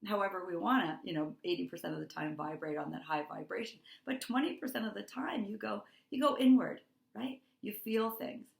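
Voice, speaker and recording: Speaking briskly with hardly any pauses, a middle-aged wellness coach delivers a heartfelt motivational talk to course members, repeating words to stress them. Her voice is medium-pitched and creaky, and the sound is reverberant.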